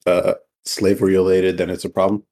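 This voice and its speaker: A man's voice: low voice, level tone, a little fast, mellow. Laid-back teasing male podcast host. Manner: joking, teasing, laughs often. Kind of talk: casual chat. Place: home, separate rooms. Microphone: voice chat recording.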